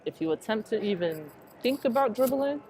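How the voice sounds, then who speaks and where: A woman doing play-by-play for a high school basketball game, nervous and excitable, chatting to listeners between plays. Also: normal speed. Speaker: play-by-play announcer. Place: school gym during a game. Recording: noisy gym sound. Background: crowd ambience and bouncing basketballs.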